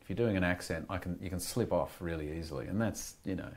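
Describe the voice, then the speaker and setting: Deep-voiced Australian man, candid and reflective. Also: fast. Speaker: guest actor. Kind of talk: casual interview chat. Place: podcast studio.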